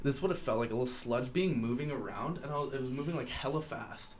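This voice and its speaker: A young man hosting a podcast, telling a vivid story in a casual, animated way and acting out quoted lines. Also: mid-range voice, fast, a little hiss or hum. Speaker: podcast host.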